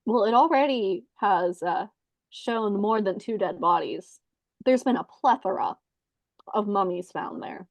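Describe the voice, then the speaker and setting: A woman's voice: medium pitch, animated, unhurried, no echo, low-quality recording. A woman co-hosting a comedy podcast, chatting playfully and reading out trip details. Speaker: podcast co-host. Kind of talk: casual comedic chat.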